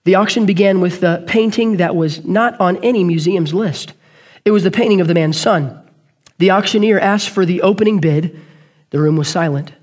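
High-voiced preacher telling a story. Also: male voice, a little mellow. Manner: earnest storytelling, quick with self-corrections. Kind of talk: sermon.

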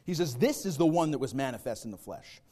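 A pastor preaching a sermon to his congregation, swinging from loud, stressed phrases to hushed, slow asides and asking them direct questions. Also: mid-range voice, animated.

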